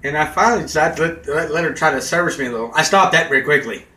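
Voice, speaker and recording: High, bright-voiced man ranting in an echoey room. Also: rapid-fire, hardly any pauses. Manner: animated, swearing, acts out quotes with shouts. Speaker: vlogger. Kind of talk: casual comedic storytelling rant. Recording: echoey room, faint background noise.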